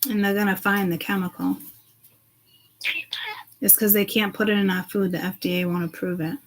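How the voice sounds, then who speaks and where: Woman, mid-pitched voice, rambling casual monologue, agitated and profane, faint background noise. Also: level tone, normal speed, low-quality recording. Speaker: self-described seeress.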